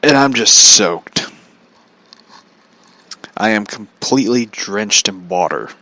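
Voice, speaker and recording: A man telling a comedic story, exasperated and profane, breaking into laughter often. His voice sits fairly low but swings widely in pitch, with a bright, forceful tone. The recording is dry and close. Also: expressive, slow pace, no echo. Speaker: vlogger.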